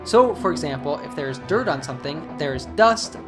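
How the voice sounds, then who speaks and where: A woman narrating a scripted English lesson, explaining phrases clearly. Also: low-pitched, expressive, brisk, over music. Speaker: English teacher.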